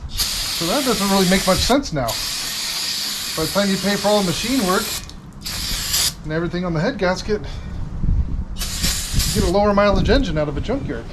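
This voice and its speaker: A man's voice: high-pitched, animated, moderate pace, long pauses, heavy background noise. A man hosting a repair vlog, chatting casually and joking while he works on a car in a garage. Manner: joking, playful asides. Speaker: mechanic host. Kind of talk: casual talk while working.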